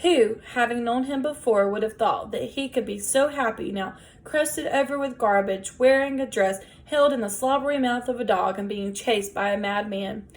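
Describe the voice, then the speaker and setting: Woman, audiobook reader, children's novel, gentle, measured, fairly high voice.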